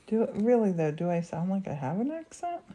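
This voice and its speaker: A middle-aged woman with an American accent, chatting warmly and laughing often while co-hosting a live crafting stream. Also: medium pitch, sing-song, fairly quick, slight background noise. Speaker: co-host of a live glassmaking stream. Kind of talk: casual chat.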